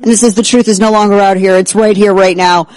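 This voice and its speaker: A man hosting a talk show, excitable and sarcastic, who keeps breaking into exaggerated impressions. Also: sits high, quick pace, no room sound, rough recording. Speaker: host. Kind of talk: animated political talk show banter.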